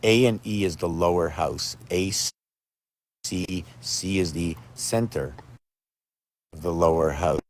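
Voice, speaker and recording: Man on his own video, rambling, free-associating, voice on the low side. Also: slow pace, gravelly, pauses often, slight background noise. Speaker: video maker. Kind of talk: rambling monologue. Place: outdoors with dogs.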